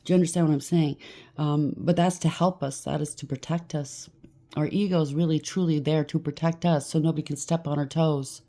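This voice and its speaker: Low, mellow-voiced woman reading tarot. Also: steady tone, brisk. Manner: chatty, preachy, rambling with frequent asides. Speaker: tarot reader.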